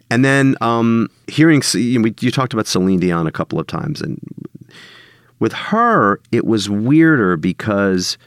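Guest spot: low-pitched male songwriter, very expressive delivery, dry close mic. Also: a little slow, no room sound. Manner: animated storyteller, laughs often, mimics singers. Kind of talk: casual interview chat.

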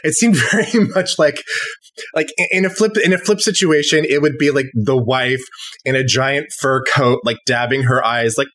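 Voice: medium pitch, moderate pace, fairly bright tone. A podcast co-host talking casually and thoughtfully about a movie, laughing often.

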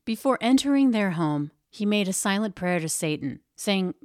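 A woman narrating a true-crime story in a steady, grave storytelling manner. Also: medium pitch, normal speed, hardly any pauses, no room sound, clean studio sound. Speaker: podcast narrator.

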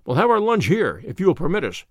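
Guy reading a crisp bossy detective, lively up and down, dry close sound. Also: high voice, fast, dry recording. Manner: crisp, authoritative. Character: sharp, commanding detective.

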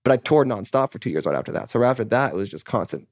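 Fast-talking young man, dry close sound. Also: medium pitch, lively intonation, no room sound. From California. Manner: rapid, rambling, peppered with "like" and swearing, acts out his own past dialogue. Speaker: musician guest. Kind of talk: candid casual chat.

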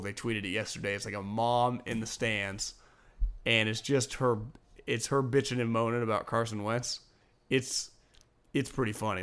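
Bright-voiced, profane sports podcast guy. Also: lowish voice, clear, resonant tone. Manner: rambling, profane, laughs often. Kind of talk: casual sports chat.

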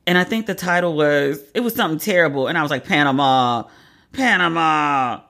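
A woman's voice: on the low side, animated, rapid-fire, fairly bright tone. A woman hosting a podcast in a casual, wry, chatty way, often breaking into laughter. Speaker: podcast host. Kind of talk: casual pop-culture commentary.

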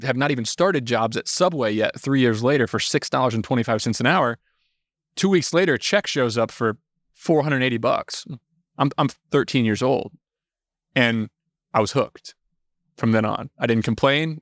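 Young guy telling stories fast and loose, swears a lot, dry close mic, medium voice. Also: medium pitch, no room sound. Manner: animated, swears freely, acts out quotes. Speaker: podcast guest, entrepreneur. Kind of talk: casual storytelling.

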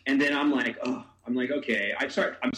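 Animated man telling a story in an echoey room. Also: mid-range voice, a little fast. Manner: animated storyteller, acts out quotes, laughs while talking. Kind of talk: casual chat.

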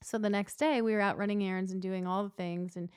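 A woman's voice: mid-range voice, quick pace, clear, resonant tone, dry recording, studio quality. A woman in her thirties chatting casually, telling a story and acting out the people in it. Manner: animated storyteller, acts out quotes. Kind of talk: casual chat.

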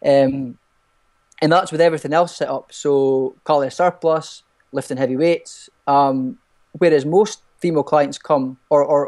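A man speaking casually on a podcast about training clients. His voice is a little higher than most men's. He stumbles and repeats words as he works out what to say. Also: a little mellow. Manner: hesitant, repeats words while thinking. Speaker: personal trainer.

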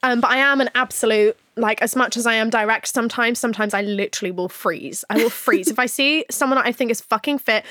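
Woman podcast host, bright high voice, candid and sweary, dry close sound. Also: fast, few pauses, no echo. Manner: frank, swears freely, laughs often. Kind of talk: candid casual chat.

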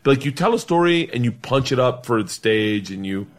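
A middle-aged man spins a rowdy, profane story in a loose podcast chat. His pitch swings widely as he acts out other people's lines and laughs through the telling. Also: a little fast. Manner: animated, swearing, laughing storyteller acting out quotes. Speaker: comedian guest.

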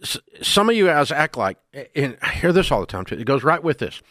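A man's voice: on the high side, sing-song, a little fast, fairly bright tone, dry recording. An older man with a Southern drawl hosts a radio talk show and delivers a blunt, scolding rant on a close studio mic. His voice is dry and close, with no room around it.

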